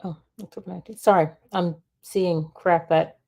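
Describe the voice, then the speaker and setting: A woman's voice: on the low side, steady tone, unhurried, gravelly, darkish tone. A young woman hosting a livestream, chatting casually with viewers and reading their comments aloud. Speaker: livestream host.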